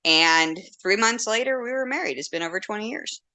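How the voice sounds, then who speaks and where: A woman's voice: medium pitch, animated, brisk, pushed and bright. A woman in her forties, a podcast guest telling a story in casual chat, blunt and candid, acting out quotes and laughing often.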